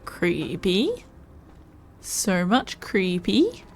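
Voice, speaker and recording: A woman streams a video game and thinks aloud as she plays, puzzling things out to herself. Her voice sits a little low and she talks slowly, with a faint hiss of noise behind her. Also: wildly swooping pitch, a little mellow. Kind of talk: casual gameplay commentary.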